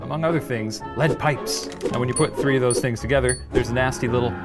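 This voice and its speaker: A man's voice: medium pitch, brisk, loud music behind the voice. A man hosting a comedic history quiz show, explaining with showy, grand delivery. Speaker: show host and quiz master. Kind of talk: theatrical history lesson with quiz.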